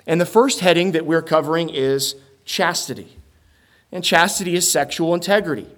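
A man's voice: fairly high pitch, normal speed, a bit bright. A young adult man preaching a sermon as a pastor, earnest and emphatic, with rhetorical questions and rising stresses.

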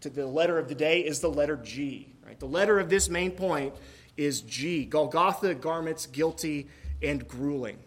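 A pastor preaches in a church, first reading scripture and then talking it through. His male voice sits a little high, and his delivery is relaxed and chatty, with joking asides and the odd "uh" along the way. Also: normal speed. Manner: conversational, joking asides, some fillers.

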